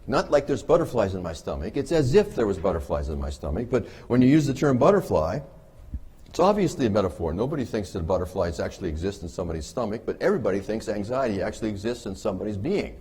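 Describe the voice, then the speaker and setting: A man lectures at a conference with a wry, teasing humor, pausing for the audience's laughter. His voice sits a little low with a husky edge. He explains ideas plainly and pokes fun at his own field. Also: big pitch swings, warm tone. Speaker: conference speaker on behavior analysis. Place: conference hall.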